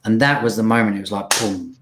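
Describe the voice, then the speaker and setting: A young man, an interview guest, telling a personal story in an emotional, heartfelt way, often halting and restarting. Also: fairly low pitch, background noise.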